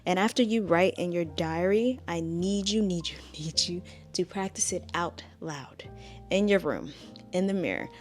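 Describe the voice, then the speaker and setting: A woman's voice: lowish voice, moderate pace, a little mellow, soft background music. A woman giving a casual spoken language tutorial, chatty and direct as she coaches the viewer.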